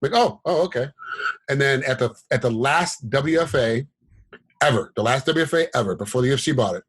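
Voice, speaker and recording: A middle-aged man with a husky, slightly breathy voice and a mid-range pitch, talking as an interview guest. He tells rambling, animated stories with plenty of fillers and restarts, jumping into quotes with a raised voice. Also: a little fast, low-quality recording. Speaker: guest, former fighter turned commentator and referee. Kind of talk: casual interview storytelling.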